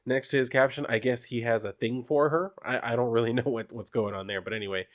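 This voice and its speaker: A man chatting through a comic in a loose, rambling way. He fills gaps with "you know" and "like" and drops blunt, offhand opinions, all at a middling pitch. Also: fairly even intonation, fast. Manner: rambling and informal, many fillers, blunt asides. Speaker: comic book reviewer. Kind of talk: casual comic review vlog.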